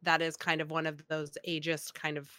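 A woman's voice: low-pitched, completely flat delivery, moderate pace, sharp tone, clear, resonant tone, no room sound, studio quality. A woman co-hosting a podcast, musing curiously aloud in casual chat. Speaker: podcast co-host.

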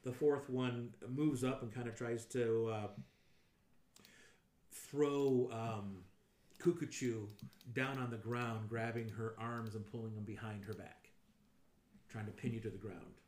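Animated game master in a roomy echo. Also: male voice, mid-range voice, unhurried, long pauses. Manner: animated, acts out sound effects and blurts out enemy lines. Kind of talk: narrating a tabletop game. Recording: roomy echo, faint noise.

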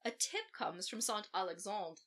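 Female podcast co-host, casual true-crime storyteller, profane and sarcastic, bright forceful voice. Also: medium pitch, very animated, moderate pace. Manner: profane, sarcastic asides while recounting facts.

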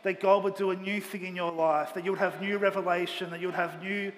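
A pastor preaching a Sunday sermon with earnest, emphatic delivery, speaking in a church auditorium. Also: male voice, high-pitched, flat delivery, quick pace, fairly bright tone. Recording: long hall reverb, faint ambient noise.

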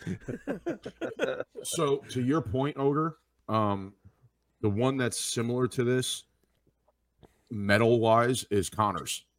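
A man co-hosting a reaction podcast on a remote call, enthusiastic and halting as he thinks aloud. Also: mid-range voice, sing-song, no room sound. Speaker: podcast co-host. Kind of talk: casual reaction chat.

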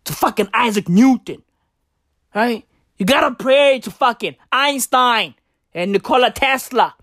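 A woman riffs through a crude, profane comic monologue, circling back to the same catchphrase again and again. She talks at an unhurried, drawn-out pace while her pitch swings widely. The sound is dry and close. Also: lively intonation, a bit bright, dry recording. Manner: slangy and brash.

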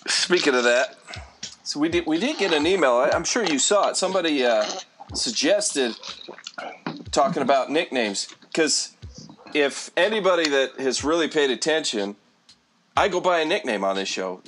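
A man's voice: a little high, expressive, normal speed, a bit bright, a little hiss or hum. A man co-hosting a casual podcast, chiming in with laid-back, dry asides and chat. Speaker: podcast co-host.

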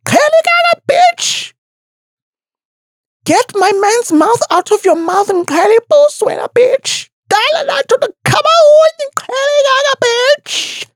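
A woman's voice: expressive, a little fast, vocal fry, no echo, clean studio sound, exaggerated voice. A woman voicing a furious young woman who screams insults mid-fight. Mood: furious shrieking. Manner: shrieking insults, high and frantic.

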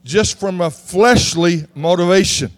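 A man from Texas, preaching a sermon in an animated way that rises to shouts. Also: high voice, a little slow, no room sound. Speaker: pastor.

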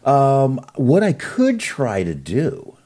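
A man's voice: mid-range voice, huge pitch swings, slow pace, mellow. A man co-hosting a podcast over a video call. He chats casually, swears freely and rambles with plenty of fillers. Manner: loose and profane, rambling with fillers. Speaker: podcast co-host. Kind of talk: casual chat.

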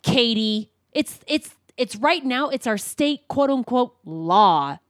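A woman's voice: fairly high pitch, lively intonation, takes it slowly, no room sound, clean studio sound. A woman from Colorado co-hosting a podcast, ranting in casual, profane chat. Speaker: podcast co-host.

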